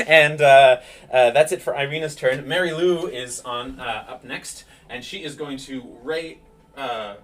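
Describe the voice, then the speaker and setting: A man's voice: fairly high pitch, fairly bright tone, distant mic. A man running a tabletop game as game master, giving a vivid play-by-play of dice rolls and attacks.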